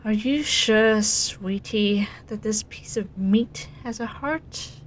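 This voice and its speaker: Whispered role-play, bloodthirsty spirit, sly, breathy, woman reading. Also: medium pitch, normal speed, slight background noise, close to an everyday voice.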